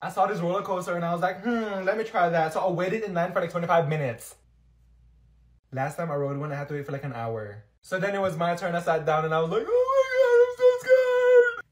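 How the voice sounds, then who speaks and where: Guy telling a roller coaster-ish story, high voice, echoey room. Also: quick pace. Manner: animated, playful, funny quoted voices. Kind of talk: casual storytelling.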